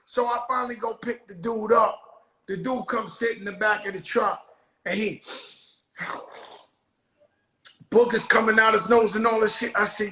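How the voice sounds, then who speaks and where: Loud, bright-voiced rowdy man host. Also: high voice, fairly even intonation, moderate pace, long pauses, reverberant, poor audio. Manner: rowdy, profane storytelling with shouted bursts. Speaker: show host. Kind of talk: casual chat.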